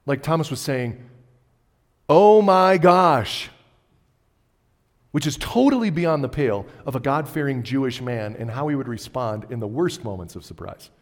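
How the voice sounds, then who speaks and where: A man preaching a sermon, moving between loud, emphatic lines and quiet, low ones. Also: lively intonation, a little fast, hardly any pauses. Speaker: pastor. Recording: long hall reverb.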